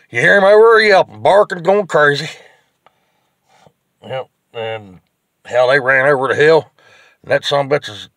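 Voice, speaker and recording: A man's voice: medium pitch, no room sound, clean studio sound. A man telling a rambling, folksy, profane joke, full of fillers. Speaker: joke teller.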